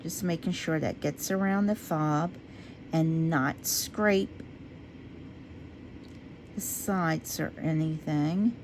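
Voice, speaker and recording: A woman chatting casually to her viewers as she works on a craft project. She talks to herself while she works and drifts into low, quiet talk when she concentrates. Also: slow pace, long pauses, background noise. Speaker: resin craft vlogger.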